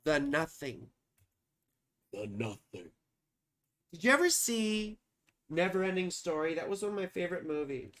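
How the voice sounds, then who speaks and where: A hoarse man hosting an astrology livestream, chatting casually with viewers and reading out their comments in a rambling, profane way. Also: sits high, animated, a little fast, fairly bright tone. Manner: rambling, profane, sings snatches between remarks.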